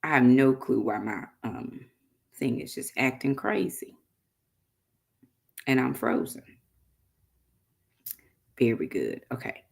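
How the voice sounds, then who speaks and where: A woman's voice: extremely low pitch, big pitch swings, takes it slowly, creaky, pauses often, darkish tone. A middle-aged woman chatting casually to viewers on a livestream, addressing them as y'all. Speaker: vlogger hosting a livestream.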